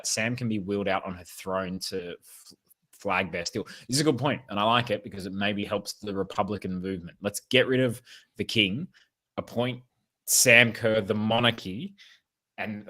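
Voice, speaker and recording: A man's voice: on the low side, pushed and bright. A man with an Australian accent co-hosting a podcast in casual chat, joking and rambling and often laughing. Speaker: podcast co-host.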